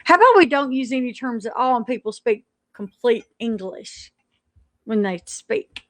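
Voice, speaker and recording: A woman with a fairly high, expressive and slightly bright voice delivers an indignant rant on a live stream at normal speed. She stumbles and restarts as she goes, and the audio is close and dry, with no room around it.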